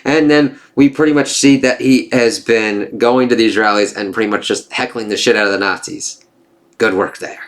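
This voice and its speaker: A man's voice: lowish voice, steady tone. A man casually reviewing a comic book, reading dialogue aloud and reacting with frequent swearing. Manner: profane, reads dialogue aloud with quick reactions.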